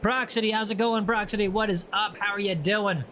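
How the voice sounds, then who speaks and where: A man hosts a laid-back gaming livestream, reading viewer messages aloud and joking with them. His voice sits high with a bright, forward edge, and a faint hiss of noise runs underneath. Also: fairly even intonation, brisk. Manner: playful, teasing, reads viewer messages aloud. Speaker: livestream host. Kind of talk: casual chat while gaming.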